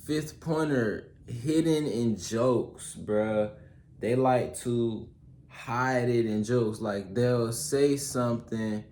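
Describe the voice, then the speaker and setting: A young man with a fairly low voice talks through a list of advice pointers in a loose, slangy way, tossing in fillers and check-ins. His voice carries a roomy echo, as if he were in a bare room. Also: warm tone. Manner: loose slangy delivery, many fillers and "you feel me"; works through a list of pointers, reading some aloud. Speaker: YouTuber giving advice. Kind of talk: casual solo advice talk.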